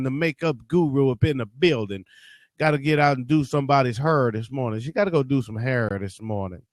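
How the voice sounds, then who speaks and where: A man's voice: medium pitch, fairly quick, no echo. A man from Detroit chats loosely on his morning livestream, cursing and joking as he greets viewers one by one. His voice sits in a middle range and sounds close and dry, with no room around it. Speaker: livestream host. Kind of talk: casual livestream chat.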